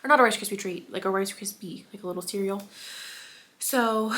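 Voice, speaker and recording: A woman's voice: mid-range voice, steady tone, moderate pace, a bit bright. A young adult woman vlogging at home, telling an emotional personal story in a chatty way, filled with "like" and laughter. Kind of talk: casual storytime vlog. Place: at home indoors.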